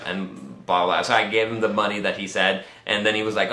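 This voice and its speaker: A man's voice: lowish voice, fairly even intonation, fast, few pauses, bright, forceful tone, roomy sound. A tired man telling a rambling personal story in a casual way, repeating words and using many fillers. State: tired, nauseous.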